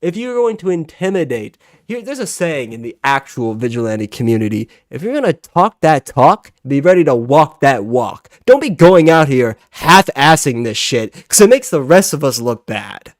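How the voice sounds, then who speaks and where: A man's voice: mid-range voice, very animated, normal speed, hardly any pauses, no room sound, clean studio sound. A man in his twenties with a heated, profane, exasperated way of talking as he hosts a reaction video. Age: 20s. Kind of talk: ranting reaction commentary.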